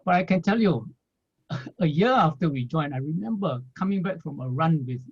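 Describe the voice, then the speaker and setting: A man, a former financial planner, telling his story in an interview in a rambling way, filling pauses with "you know" and small laughs. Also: a little high, animated, slightly rough. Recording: dull lo-fi audio.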